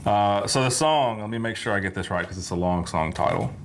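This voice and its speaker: A man's voice: fairly low pitch, fairly quick, creaky, hardly any pauses, a little hiss or hum. A man with a Southern US accent hosting a music reaction show, chatting in an easygoing way and telling stories. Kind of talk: casual chat.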